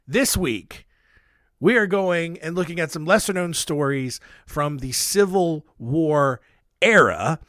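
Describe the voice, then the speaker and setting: A man's voice: on the high side, a bit bright, no room sound, studio quality. A man hosting a casual history podcast, telling stories in a rambling way with self-deprecating asides, holding his own microphone. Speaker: podcast host. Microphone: handheld microphone.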